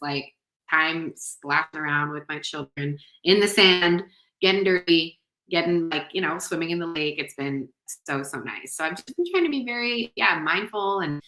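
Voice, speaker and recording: A woman's voice: deep voice, bright, forceful tone, reverberant, poor audio. A woman hosting a podcast in casual chat, talking loosely with lots of "like" and "you know". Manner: chatty, heavy use of "like" and "you know". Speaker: podcast host.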